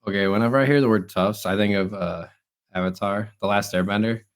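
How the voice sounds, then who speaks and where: A man's voice: on the low side, fairly even intonation, a little fast. Stuffy-nosed young man, rambling podcast chat. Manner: rambling, chatty storyteller. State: stuffed-up nose. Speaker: podcast co-host. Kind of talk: casual chat.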